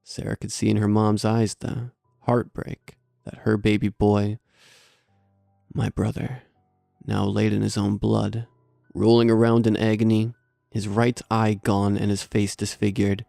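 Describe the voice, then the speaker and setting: A man narrates a horror story in steady, grim tones. His voice is low, flat and gravelly, with a dark, mellow timbre, and faint music sits behind it. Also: unhurried, no room sound, clean studio sound.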